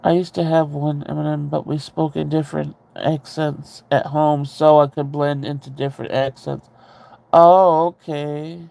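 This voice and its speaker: Gravelly man chatting casually. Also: a little high, little pitch movement, measured pace, darkish tone. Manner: rambling, candid, laughs easily. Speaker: streamer chatting with viewers. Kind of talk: casual chat.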